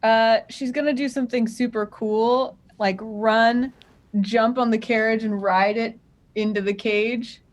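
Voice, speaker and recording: A woman's voice: on the high side, steady tone, unhurried. A woman playing a tabletop game, casually thinking aloud about her moves. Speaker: player.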